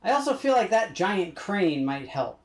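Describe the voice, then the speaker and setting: A man's voice: high-pitched, very animated, normal speed, roomy sound, poor audio. A man streaming a video game live, talking through it in a chatty, rambling, self-deprecating way and now and then trying out playful put-on accents. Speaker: gaming streamer. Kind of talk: live-streamed gameplay commentary.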